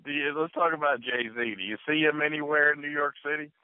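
A man's voice: fairly high pitch, brisk, clear, resonant tone, no room sound. A man in his forties hosting a casual radio chat, easygoing and steering things with short questions. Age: 40s. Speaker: radio show host. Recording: tinny phone-like sound.

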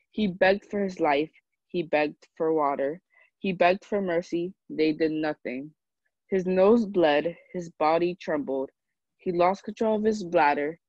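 A slow, deliberate reader delivers an impassioned poem built on a repeated refrain. The recording is dry and dull, lo-fi with little room sound. Each line lands heavily before the next. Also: medium pitch, darkish tone, no room sound. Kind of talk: impassioned poetry reading.

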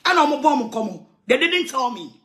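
A woman's voice: high-pitched, sing-song, normal speed, a bit bright. A Ghanaian woman evangelist making an emphatic, aggrieved complaint, repeating her points. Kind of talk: impassioned complaint.

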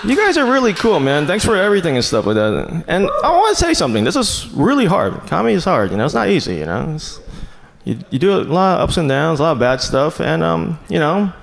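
A man doing a stand-up comedy set in a small club, deadpan and self-mocking, shouting out his punchlines now and then. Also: a little high, fast, vocal fry. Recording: noisy comedy club ambience.

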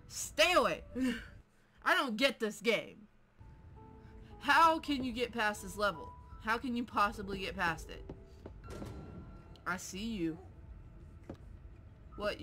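A woman playing a horror game who curses, shouts and laughs at jumpscares and taunts the monster. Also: medium pitch. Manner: taunts the game character mockingly. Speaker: gameplay streamer. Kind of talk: let's play commentary. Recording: faint game music behind.

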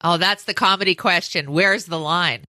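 A woman's voice: lowish voice, moderate pace, no echo. A middle-aged woman co-hosting a podcast, chatting casually and telling stories with laughter. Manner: laughing, storytelling, lively. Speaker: podcast co-host. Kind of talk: casual chat.

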